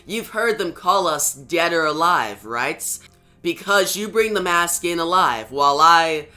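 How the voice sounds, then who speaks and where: A man's voice: fairly high pitch, animated, unhurried, bright, forceful tone, soft background music, exaggerated voice. A man voicing a sardonic young female mercenary, reading her mocking lines fairly plainly. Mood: teasing.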